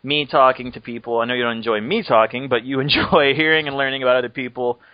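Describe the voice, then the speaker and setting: A man's voice: medium pitch, fairly even intonation, quick pace, no room sound. A man hosts a podcast in easygoing, rambling chat, cracking jokes and laughing now and then. His voice sits in a middle register. The sound is dry and close, with a dull, lo-fi call quality. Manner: joking, rambling, laughs often. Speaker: podcast host. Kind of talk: casual chat.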